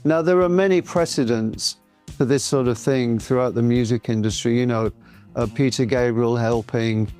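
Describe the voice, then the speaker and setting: A man's voice: mid-range voice, normal speed, darkish tone, faint music behind. A man in his sixties, a pop singer, chatting as a guest and telling stories with a wry, teasing edge. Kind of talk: casual chat.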